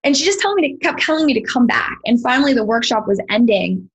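Breathy woman, podcast guest, earnest storyteller, animated. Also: on the high side, quick pace, dull audio. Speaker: podcast guest, sound healer. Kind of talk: personal storytelling in an interview.

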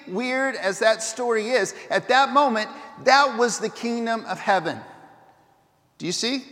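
A pastor with a notably high voice, preaching in a lively storytelling manner. He trips over and restarts his phrases, and a long reverb from a large church hall trails after his words. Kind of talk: sermon.

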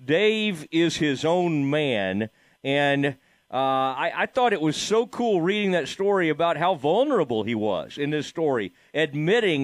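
A man hosting a sports radio show chats loosely during a casual interview, with many fillers and restarts. His voice is fairly high with big pitch swings and a slightly slow pace, captured in clean studio sound with no room echo.

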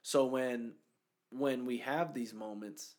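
Animated storytelling man, casual talk. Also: mid-range voice, slow. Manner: animated storyteller, acts out quoted voices. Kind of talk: casual faith conversation.

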